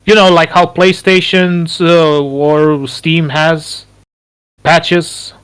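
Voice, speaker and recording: A man's voice: on the high side, little pitch movement, extremely slow, fairly bright tone, smooth. Repetitive male voice-chat guest. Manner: repetitive, restarts, reassuring. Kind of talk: casual chat. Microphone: computer headset over voice chat.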